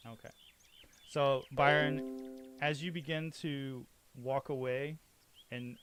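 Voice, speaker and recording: Brief: male game master, mid-pitched, casual rambling narration. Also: slight background noise.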